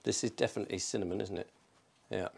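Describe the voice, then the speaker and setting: English guy fumbling through baking on his vlog, lowish voice, self-mocking and chatty, mic in a kitchen. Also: steady tone, fast talker, vocal fry, darkish tone, breathy edge. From England. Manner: self-deprecating, chatty, thinking aloud. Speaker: vlogger. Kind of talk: casual cooking vlog. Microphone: microphone in a room.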